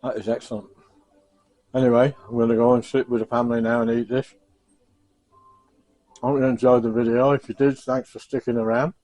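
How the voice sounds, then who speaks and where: A man's voice: medium pitch, level tone, brisk, pauses often, mellow, dry recording. A man chatting casually in a home cooking vlog, self-mocking and chuckling as he tries his food. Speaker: cooking vlogger.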